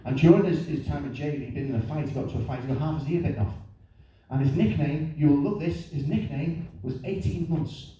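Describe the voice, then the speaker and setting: A middle-aged man doing a lively, self-mocking stand-up comedy routine. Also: fairly high pitch, fairly quick. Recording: echoey room, distant mic, faint noise.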